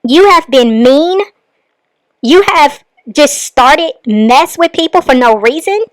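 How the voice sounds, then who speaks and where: A woman's voice: high voice, lively intonation, no echo, low-quality recording. A woman hosting a reaction channel, commenting critically and with disbelief on a clip she has just played. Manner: critical, incredulous, measured.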